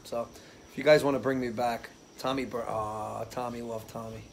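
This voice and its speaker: A man's voice: mid-range voice, fairly even intonation, normal speed, vocal fry, slight background noise. A man hosting a casual live stream from his porch, telling rambling stories and often losing his train of thought. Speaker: live-stream show host. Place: outdoors on a porch under a ceiling fan.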